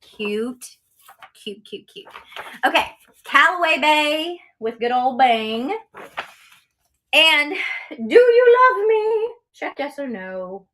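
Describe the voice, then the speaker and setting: Slow-talking bright-voiced woman seller. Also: high-pitched, very animated. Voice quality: chatty and cheerful, many ums, laughs often. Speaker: online auction seller. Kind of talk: casual live-selling stream.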